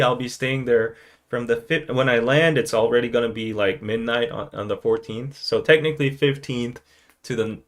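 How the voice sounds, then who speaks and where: Man hosting a relaxed live podcast. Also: medium pitch. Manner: loose and rambling, jumping into playful impressions. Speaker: podcast host. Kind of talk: casual live-stream chat.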